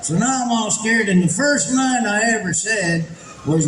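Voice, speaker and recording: A man doing stand-up with a drawling, folksy manner and a fairly high voice. He is picked up by a stage mic in an echoey venue, with steady noise behind him. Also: moderate pace. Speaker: stand-up comedian. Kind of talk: live stand-up storytelling. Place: large indoor event venue.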